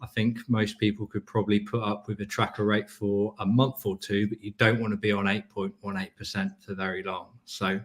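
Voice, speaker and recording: A man in a casual chat on a video call, giving measured mortgage advice. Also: lowish voice, level tone. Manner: measured, advisory.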